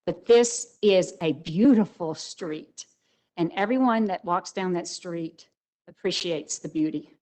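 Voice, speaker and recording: A woman's voice: on the low side, measured pace, mellow, low-quality recording. An older woman speaking as a resident at a public hearing, emotional and emphatic. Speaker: resident giving public comment.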